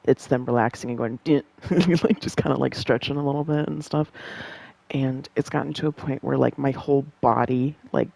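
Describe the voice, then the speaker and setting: A woman's voice: very deep voice, steady tone, fairly quick, gravelly, a little mellow, no room sound, low-quality recording. A young woman rambling in casual chat, laughing often and swearing freely.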